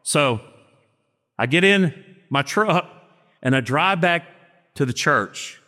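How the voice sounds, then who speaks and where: A middle-aged preacher with a fairly high voice delivers his sermon in a church, his words trailing off into a long reverb. He slows down for emphasis and acts out the dialogue in his stories. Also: animated, sharp tone. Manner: storytelling with acted-out dialogue, slow emphatic phrasing.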